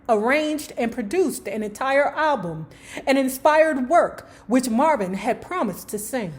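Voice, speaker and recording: A woman hosting her channel, reading a book aloud and breaking off into slangy, playful asides to her viewers. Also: on the high side. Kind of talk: book reading with casual commentary.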